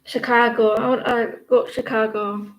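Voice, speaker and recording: A woman's voice: a little high, little pitch movement, moderate pace, poor audio. A British woman hosting a casual livestream, chatting with viewers in a rambling way with many fillers and restarts. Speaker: tarot livestream host.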